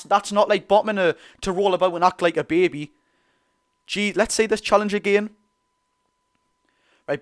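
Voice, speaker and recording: Excitable Geordie man doing fan commentary. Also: high-pitched. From North East England. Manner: excitable, chatty, bursts into loud reactions. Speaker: streamer hosting a football watch-along.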